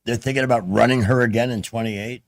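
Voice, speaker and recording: A man's voice: medium pitch, steady tone, fast talker, no room sound. A man hosting a talk radio show, chatting in a plainspoken and blunt way at a studio microphone. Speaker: radio host. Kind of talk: casual talk radio chat.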